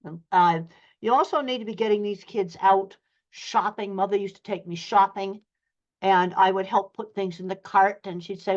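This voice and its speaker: A woman's voice: medium pitch, steady tone, normal speed, dull audio. An older woman, a professor, giving a lecture-style talk over a video call in a direct, plainspoken way with blunt practical examples. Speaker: guest speaker, professor of animal science.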